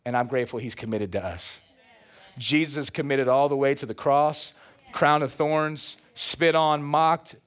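A pastor preaching a sermon with animated delivery, playful asides and calls out to the congregation. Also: male voice, medium pitch, a little slow.

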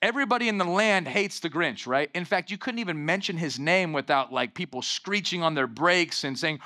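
A young adult man preaching with real energy, his voice bright and a little higher than most men's. He keeps checking in with the room for an amen, swinging between quiet, intimate stretches and rising, fervent crescendos. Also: fairly quick, few pauses. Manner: animated preaching with call-and-response "amen". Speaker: pastor. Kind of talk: sermon.

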